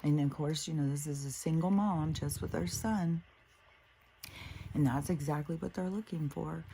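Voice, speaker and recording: A woman's voice: low voice, moderate pace, gravelly, dark tone, a little hiss or hum. A middle-aged woman hosting a spiritual show, telling a story in a blunt, casual way that is full of swearing and fillers. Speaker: spiritual podcast host.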